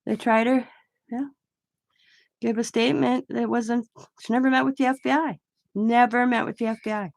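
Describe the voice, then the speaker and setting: A woman's voice: on the high side, fairly even intonation, normal speed, vocal fry, pauses often, no room sound. A woman hosting a craft channel, chatting casually in a blunt, opinionated way and swearing freely. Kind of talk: casual chat while crafting.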